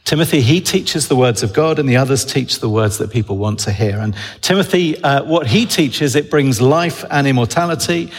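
A male preacher gives a sermon in a relaxed, conversational way, his voice a little husky. He pauses often on ums as he talks. Long reverb from the church hangs behind his words. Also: medium pitch. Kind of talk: sermon with props.

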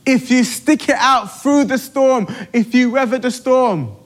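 A man's voice: extremely high pitch, unhurried. A middle-aged man preaching a sermon with emphatic, repetitive exhortation.

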